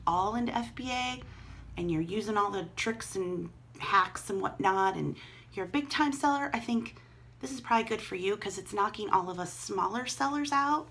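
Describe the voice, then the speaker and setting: A middle-aged woman, out of breath, casually vlogs from home while handling goods she resells online, chatting and reasoning aloud. Her mid-range voice is a bit bright, and a faint hiss or hum is audible.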